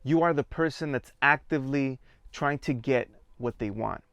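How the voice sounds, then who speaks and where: A man leading a theatre workshop, giving calm, measured guided instructions and counting participants into each exercise. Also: medium pitch, clear, resonant tone, no room sound, muffled recording. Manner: calm, measured, counts students in and prompts them.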